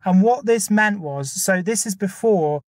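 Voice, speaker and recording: A man's voice: high voice, expressive, a little slow, no echo, studio quality. A man, a podcast co-host, chatting casually and building an argument point by point. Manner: argumentative, lays out numbered points. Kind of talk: casual chat.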